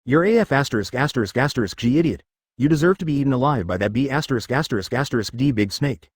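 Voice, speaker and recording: A man's voice: mid-range voice, expressive, fast talker, husky. A man voicing a hot-tempered young male pirate who curses and talks cocky, in a fan fiction reading. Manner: cocky and cursing.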